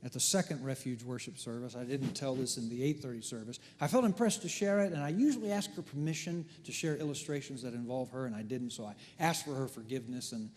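A middle-aged man preaching a sermon as pastor, telling stories with big swings from hushed to loud. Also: mid-range voice, quick pace, few pauses, slight background noise. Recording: long hall reverb.

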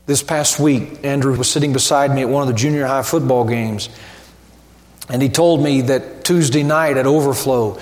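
A man preaching a sermon as pastor, slow and emphatic, building to ringing repeated refrains. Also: medium pitch, fairly even intonation, darkish tone, reverberant, in a large hall.

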